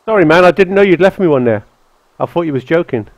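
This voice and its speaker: A man's voice: fairly high pitch, animated, fast. A man streaming a survival game, taunting and swearing at another player over voice chat on a headset.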